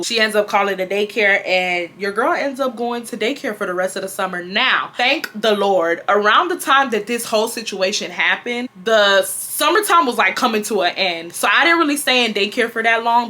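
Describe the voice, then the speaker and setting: A woman, telling a storytime vlog in an animated, profane way, speaking straight to her viewers. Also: medium pitch. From Houston, Texas. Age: 20s. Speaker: vlogger.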